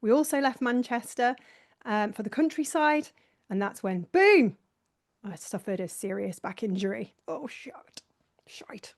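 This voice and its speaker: A woman's voice: mid-range voice, moderate pace, a little mellow. A woman hosting a live online session, talking casually through her slides in a chatty, self-mocking way and laughing often. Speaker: host presenting a slideshow.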